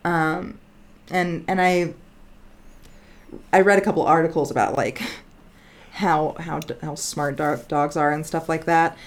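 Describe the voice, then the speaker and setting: Chatty woman podcast co-host, lowish voice. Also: steady tone, a little slow, long pauses. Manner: rambling and chatty, often says "like". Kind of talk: casual podcast chat.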